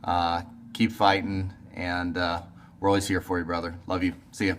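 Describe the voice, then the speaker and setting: A man's voice: deep voice, flat delivery, normal speed, background noise. A man in his forties giving an earnest, encouraging birthday message.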